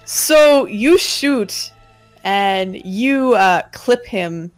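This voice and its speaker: A woman's voice: mid-range voice, animated, drawn-out words, soft background music, poor audio. A woman running a tabletop game as game master, narrating scenes vividly.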